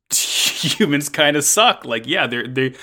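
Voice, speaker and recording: Bright-voiced man rambling and swearing. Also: fairly high pitch, expressive, slow. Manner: rambling, frequent swearing and restarts. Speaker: podcast co-host. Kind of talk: casual chat recapping an anime episode.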